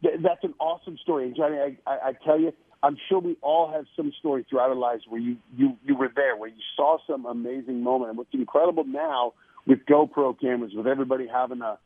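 Husky man on a tinny phone line. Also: mid-range voice, fast talker, no echo. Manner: enthusiastic, repeats words when excited. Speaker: guest promoting a TV show. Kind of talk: casual radio interview.

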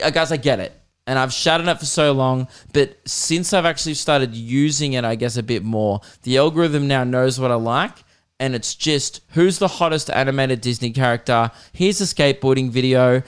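A man's voice: mid-range voice, clean tone. A young Australian man hosting a podcast, rambling through jokes and swearing freely in casual comedic chat. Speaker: podcast host.

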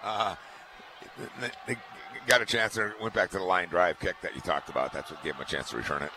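A man's voice: low voice, steady tone, fairly quick, noisy background. A man giving color commentary on a radio football broadcast, conversational and often repeating words as he thinks aloud. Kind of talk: radio sports analysis.

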